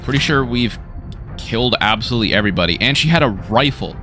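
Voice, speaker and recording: A man casually commenting while he plays a game, excitable and quick to swear and react. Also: mid-range voice, music in the background. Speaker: gaming YouTuber. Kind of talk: casual let's-play commentary.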